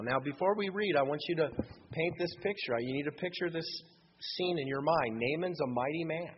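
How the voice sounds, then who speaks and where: A man preaching a sermon and reading scripture, dramatic, swinging between loud emphasis and hushed lines. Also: fairly high pitch, normal speed. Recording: dull sound with long hall reverb and faint hum.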